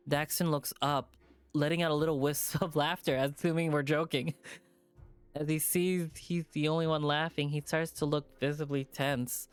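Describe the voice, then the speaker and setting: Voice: mid-range voice, fairly even intonation, moderate pace, smooth, soft background music. A streamer reading a visual novel aloud with casual, profane asides.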